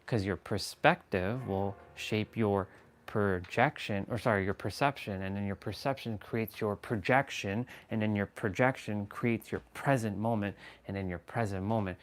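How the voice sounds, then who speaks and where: A man's voice: on the low side, moderate pace. A man on a motivational livestream, talking with emphatic repetition, playful mock-scolding asides and casual swearing. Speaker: motivational live streamer.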